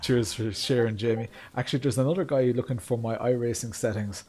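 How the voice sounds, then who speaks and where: During a racing game stream, an Irish man chats casually with viewers, rambling with lots of ums and asides. His medium-pitched voice is darkish, fairly even and fairly quick, with faint music in the background.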